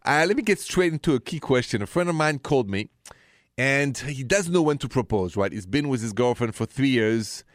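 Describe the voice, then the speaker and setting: A middle-aged Frenchman with a thick French accent hosts a call-in advice show, chatty and a little self-deprecating. His voice sits at an ordinary pitch. The sound is dry and close to the mic. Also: animated, brisk, no room sound. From France. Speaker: radio advice show host.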